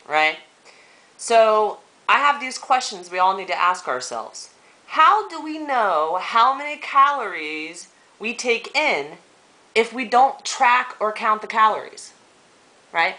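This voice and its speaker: A middle-aged woman talking straight to camera in a personal vlog, earnest and halting, with lots of fillers and pauses. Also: mid-range voice, sing-song, pushed and bright, poor audio. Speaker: vlogger. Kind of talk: emotional personal vlog talk.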